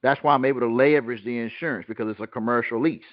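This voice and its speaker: Hosting and teaching a group call, this man talks rapid-fire in a mid-range voice, casual and blunt. He poses rhetorical questions to the group, then supplies the answers. The sound is dry and lo-fi.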